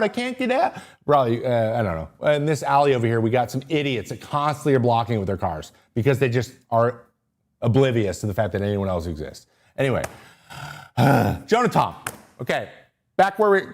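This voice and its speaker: A male podcast host breaks down pitchers on a casual livestream. He's excitable and easily sidetracked, frequently cutting himself off mid-thought.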